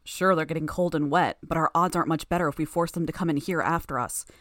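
A woman voicing a menacing teenage boy gang leader who talks in a low, growling, commanding way. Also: steady tone, quick pace, fairly bright tone, no echo, clean studio sound.

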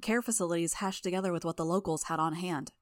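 Low-voiced woman narrating an audiobook. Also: fast, no room sound, clean studio sound. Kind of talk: first-person fan audiobook narration.

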